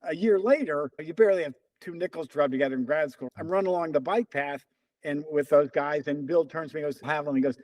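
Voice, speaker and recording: An older man with a high, lively voice spins anecdotes as an interview guest, slipping into the voices of the people he quotes. The sound is close and dry. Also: fast talker, dry recording. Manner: animated storyteller, acts out quoted dialogue. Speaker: interview guest, runner and coach. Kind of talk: casual storytelling.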